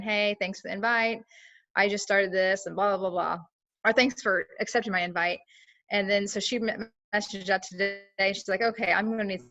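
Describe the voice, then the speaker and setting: A woman's voice: mid-range voice, sharp tone. Chatty woman on a muffled call. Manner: chatty, lots of fillers, acts out quoted talk. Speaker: team member sharing her experience. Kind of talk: casual chat on a call.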